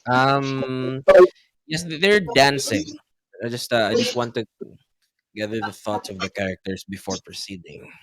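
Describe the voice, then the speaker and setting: A young man running a tabletop game as game master, narrating haltingly with frequent fillers and restarts. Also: medium pitch, a bit bright. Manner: halting, many fillers and restarts, mixes in Tagalog.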